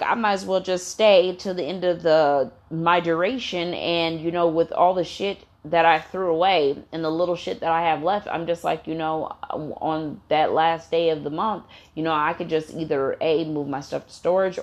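A woman's voice: sits low, steady tone, moderate pace, few pauses. A woman telling a casual storytime rant about her landlord and rent, blunt and swearing freely, with lots of "you know" and "um". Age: adult with a daughter.

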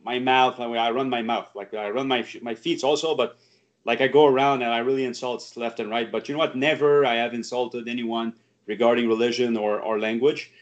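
A man's voice: medium pitch, fairly even intonation, brisk, dull audio. A man from Quebec, a karate teacher talking as a guest in a casual interview, with many restarts and fillers.

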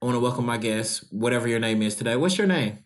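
A man's voice: medium pitch, lively intonation, fast talker. An American man hosts a casual chat and talks in a loose, joking way. He tells his stories with plenty of swearing and laughs his way through them. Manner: loose, joking, profane storytelling. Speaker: podcast host.

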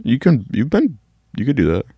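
A man co-hosting a casual chat, laid-back and teasing, with short quick reactions. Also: mid-range voice, wildly swooping pitch, husky, no echo, muffled recording.

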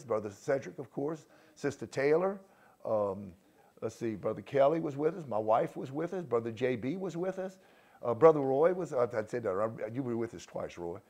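A man leading a church gathering as pastor, praying fervently and then recounting the day's outreach, with frequent praise words and halting restarts. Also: medium pitch, lively intonation, a little mellow. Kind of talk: prayer and church testimony.

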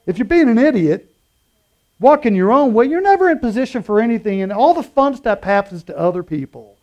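A middle-aged man preaching in a relaxed, storytelling way, his voice sitting notably high for a man. He jumps from punchy, raised emphasis to soft, almost muttered asides. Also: brisk, lo-fi sound. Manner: casual storytelling with lively swings between loud and quiet. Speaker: pastor. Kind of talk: sermon.

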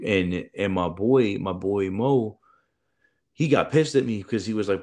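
Man, very low voice, loose profane chat, says bro a lot, podcast co-host. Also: a little slow, a little mellow. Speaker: podcast co-host, former military recruiter. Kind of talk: casual chat.

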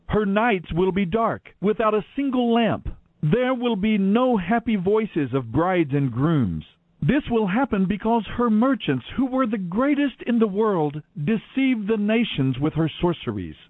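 A man giving a dramatic, expressive scripture reading on radio, heard over tinny lo-fi audio. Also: high voice, dry recording. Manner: expressive, declaiming delivery. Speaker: Bible reader on radio.

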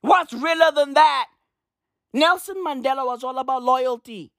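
A young man delivering a comedic rant, animated and slangy, swearing and repeating his punchlines. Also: very high voice, moderate pace, no echo, clean studio sound. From South Africa. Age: young adult.

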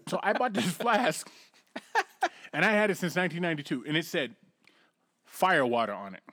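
A man's voice: a little high, animated, normal speed, bright, forceful tone. A man telling long, profane stories in casual chat as a podcast co-host, putting on mocking voices when quoting people. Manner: profane, rambling storyteller.

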